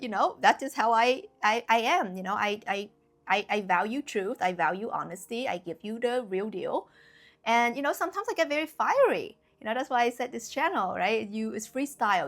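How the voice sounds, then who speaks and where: A young woman talking casually and bluntly to camera as a spiritual YouTuber, emphatic, with lots of fillers. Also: a little high. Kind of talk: casual direct-to-camera talk.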